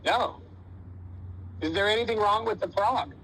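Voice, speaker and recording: A man's voice: high-pitched, unhurried, a bit bright, a little hiss or hum, low-quality recording. A man coaching young wrestlers, telling a folksy story and quizzing his team in a casual, slangy way. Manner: folksy, uses dude and man, voices characters casually. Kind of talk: motivational storytelling talk.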